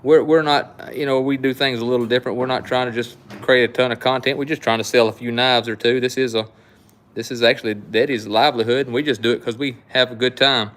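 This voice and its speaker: A middle-aged man with a drawl talks folksy and rambling, like he's hosting a live sale for viewers he knows. His voice sits at an ordinary, middling pitch, and the talk stays easygoing. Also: fairly even intonation, fast talker, fairly bright tone. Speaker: knife shop host. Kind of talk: casual live-stream sales chat.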